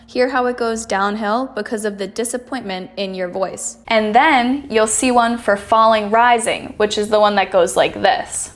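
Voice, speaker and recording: A woman teaching an accent reduction lesson, speaking clearly and deliberately and demonstrating example sentences. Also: mid-range voice. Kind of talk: scripted instructional lesson.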